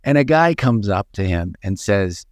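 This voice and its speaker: A middle-aged man, an actor, casually telling an anecdote in an animated way, building it with repeated phrases and rising high when he quotes himself. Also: moderate pace, no room sound, studio quality. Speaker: podcast co-host, actor. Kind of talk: casual storytelling chat.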